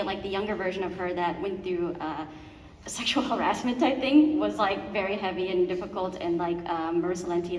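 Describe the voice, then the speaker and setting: A woman's voice: mid-range voice, a little hiss or hum. A woman, a voice actor on a convention panel, speaking casually and hesitantly with many ums. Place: large convention hall. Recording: echoey hall, recorded from far off.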